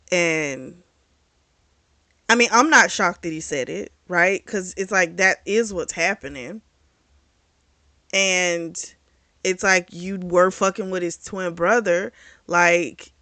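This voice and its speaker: A woman with a lowish voice casually retells a novel's plot, frank and unembarrassed about explicit scenes. She rambles, correcting herself and leaning on fillers. The sound is dry, with no room echo. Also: expressive, slow pace, pushed and bright. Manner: loose, rambling delivery with fillers and self-corrections. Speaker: book reviewer.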